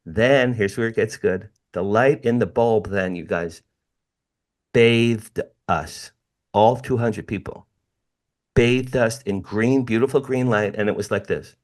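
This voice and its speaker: Man, middle-aged, lowish voice, animated storytelling, emphatic repetition, podcast guest over a call. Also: slow pace. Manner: emphatic, repeats phrases, addresses listeners as "you guys". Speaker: guest telling a personal story.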